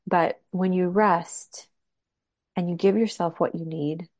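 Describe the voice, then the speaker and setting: Woman, lowish voice, encouraging co-host, rhetorical questions, dry sound. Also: steady tone, takes it slowly, darkish tone, dry recording. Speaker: podcast co-host. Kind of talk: casual conversational podcast.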